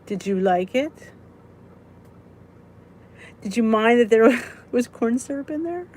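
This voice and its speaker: A woman's voice: a little high, lively intonation, moderate pace, darkish tone, slight background noise. A woman hosting a casual live weight-loss chat, answering viewer comments in a chatty, giggly way. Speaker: weight-loss vlog host.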